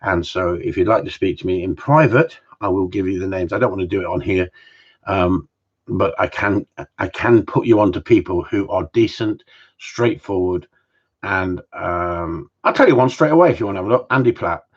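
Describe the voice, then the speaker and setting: A jokey man chatting live from home, his voice low and a little husky. He rambles between stories and viewer questions with cheerful mild swearing, and the sound is slightly dull and lo-fi. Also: moderate pace. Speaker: gundog trainer hosting a live Q&A stream. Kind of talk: casual live-stream chat.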